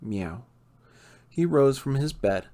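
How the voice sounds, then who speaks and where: Male audiobook narrator, mid-pitched, playful and lively with character voices. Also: normal speed.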